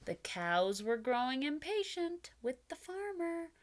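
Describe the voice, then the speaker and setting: A woman reading a picture book aloud to preschoolers, pausing to explain words and invite the children to join in. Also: high voice, sing-song. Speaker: children's storyteller.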